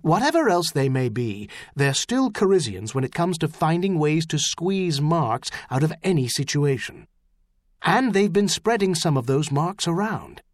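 A man's voice: fairly high pitch, very animated, a little slow, no echo, clean studio sound. A man reading an audiobook, voicing an anxious, angry official who insists on a worry. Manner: worried, insistent. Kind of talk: audiobook character voice.

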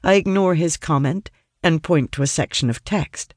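An earnest audiobook narrator tells a first-person fantasy tale at a middling pitch. The sound is dry and close, with no room around the voice. The delivery is studious and grows animated when the characters speak. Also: moderate pace, no echo.

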